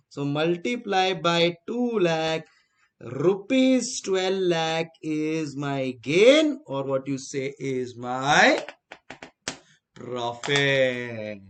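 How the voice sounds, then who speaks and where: Indian man teaching finance to a class. Slightly higher voice, unhurried, repeats key points and quizzes the class. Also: fairly bright tone. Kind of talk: classroom lecture.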